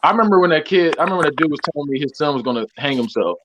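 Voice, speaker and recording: A man's voice: fairly high pitch, lively intonation, rapid-fire, background noise. A man co-hosting a podcast, telling work stories in a loose, profane way and laughing often. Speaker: podcast co-host. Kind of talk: casual storytelling chat. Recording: dull lo-fi audio.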